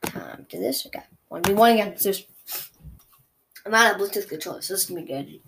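Excitable young woman trash-talking mid-game. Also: medium pitch, fairly quick, vocal fry, noisy background. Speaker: gaming streamer. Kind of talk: live gameplay commentary.

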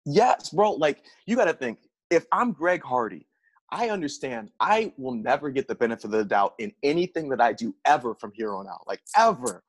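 Male guest, husky and lively, slangy and laughing, dry close mic. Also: mid-range voice, normal speed, no room sound. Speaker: podcast guest. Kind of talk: casual chat about fights.

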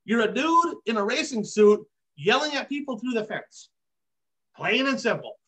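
A man's voice: very high-pitched, sing-song, normal speed, sharp tone, husky. A man hosting a racing podcast, ranting emphatically in casual commentary and hammering his points with repeated catchphrases. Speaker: podcast host. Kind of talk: heated casual commentary on dirt track racing.

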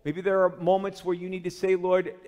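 Man, pastor, sermon, earnest, prays aloud mid-teaching, slightly high voice. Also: monotone, fairly quick, a little mellow. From Chicago area, USA. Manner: earnest, steps into quoted prayers addressing the Lord. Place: church sanctuary during a communion service. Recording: long hall reverb.

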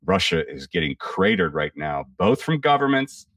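His voice is extremely low yet a bit bright and husky, with a sing-song lilt at a moderate pace, as he riffs on politics for a podcast. The talk is casual, profane and blunt, full of rambling and restarted sentences. The mic is distant and the recording dry, giving a dead-sounding room.

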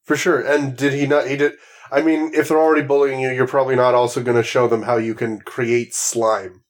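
A man's voice: medium pitch, level tone, brisk. A man co-hosting a casual podcast chat, describing pictures with playful comparisons. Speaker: podcast co-host.

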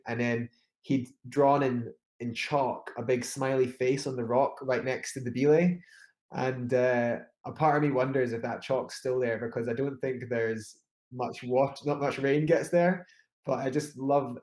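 A man's voice: medium pitch, darkish tone. Man, interview guest, rambling storyteller, roomy echo. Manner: rambling with many restarts and fillers. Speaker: climber guest.

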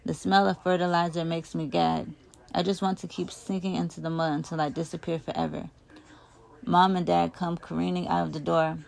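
A woman reads a first-person novel aloud, her voice low-pitched and full of gravelly fry. She reads expressively, getting louder when the characters shout. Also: level tone, a little fast. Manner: emotive, raises volume for shouted lines. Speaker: audiobook reader.

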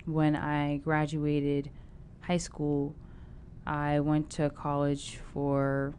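A woman's voice: sits low, completely flat delivery, drawn-out words, darkish tone, slight background noise. A woman actor being interviewed, chatting casually and stopping often to restart her thoughts. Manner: chatty, with many fillers and restarts. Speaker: actor guest.

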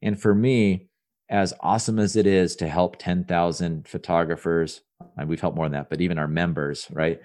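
Guesting on a casual podcast, a thirtysomething entrepreneur speaks in a deep, darkish voice with fairly even intonation at a normal speed. He's upbeat and earnest as he rambles, often restarting and repeating words.

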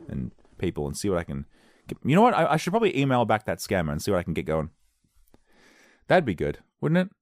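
Man with a lively sarcastic ramble. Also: on the low side, creaky, no echo, clean studio sound. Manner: sarcastic, playful, riffing. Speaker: solo comedy podcaster. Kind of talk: rambling comic monologue.

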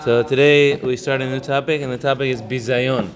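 A man giving an informal Torah lesson, talking conversationally, mixing in Hebrew terms and telling stories with halting fillers. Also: medium pitch, steady tone, soft background music. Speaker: Torah class teacher. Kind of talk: informal religious lesson with storytelling.

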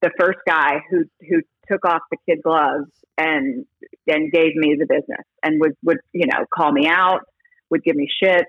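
A woman who reports on baseball broadcasts, chatting in an interview as an animated storyteller who restarts her sentences a lot. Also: sits low, normal speed, breathy edge, no echo, narrow, tinny audio. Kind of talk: casual interview talk.

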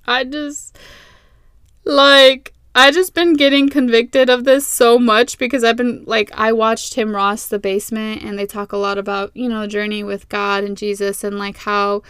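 A young woman hosting a casual faith podcast from her closet, chatty and animated, repeating herself and laughing at herself. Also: on the high side, unhurried, clear, resonant tone, no room sound, studio quality. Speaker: podcast host. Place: small closet. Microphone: close podcast mic.

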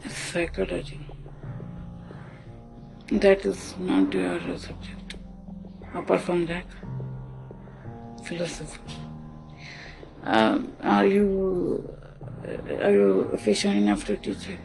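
Gravelly, lively Indian English storyteller. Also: medium pitch. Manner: halting, restarts often, switches into Hindi. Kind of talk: casual spoken storytelling, acting out dialogue. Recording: music playing behind the voice.

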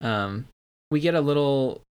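A man co-hosting a podcast, discussing an old film with enthusiasm and halting often with fillers. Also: medium pitch, animated, clear, resonant tone. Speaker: podcast co-host.

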